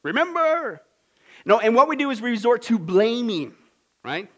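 Pastor, male, very high voice, dynamic delivery that jumps between soft and loud. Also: big pitch swings, moderate pace. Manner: dynamic, swings from hushed to loud, repeats "listen". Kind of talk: sermon.

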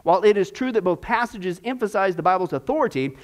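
A man's voice: sits high, animated, quick pace. A man teaching a Bible class in a chatty way, full of corny asides and rhetorical questions.

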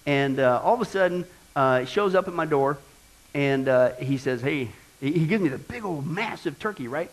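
A man's voice: a little high, rough recording. A middle-aged male pastor preaching in a casual, storytelling way, full of rhetorical questions and asides. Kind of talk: conversational sermon.

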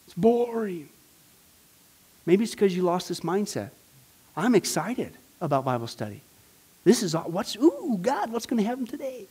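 High-voiced animated male pastor. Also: normal speed, breathy edge. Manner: animated and emphatic, with exclamations and repetition. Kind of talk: teaching a Bible study class.

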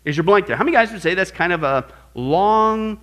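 A man teaching a sermon-style apologetics lesson as pastor, emphatic and animated, often asking his listeners questions. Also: high voice, fairly quick. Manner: emphatic, animated, asks audience rhetorical questions.

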